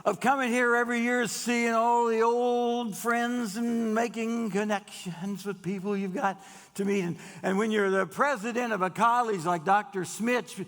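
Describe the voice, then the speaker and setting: A man telling folksy jokes to a gathering, chatty with drawn-out pauses and frequent restarts. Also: very high-pitched, fairly even intonation, fairly bright tone. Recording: long hall reverb.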